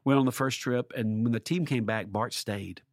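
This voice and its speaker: A man, a pastor, telling church stories in a conversation, animated and acting out the quotes of people he talks about. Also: mid-range voice, normal speed, no room sound, studio quality. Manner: animated, acts out quoted dialogue with voice shifts. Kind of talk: storytelling in a conversation.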